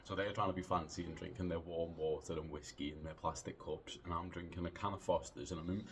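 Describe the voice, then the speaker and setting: A man in his late thirties casually telling a rambling anecdote, animated, swearing freely and filling pauses with lots of "uh"s. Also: deep voice, slight background noise. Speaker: podcast storyteller.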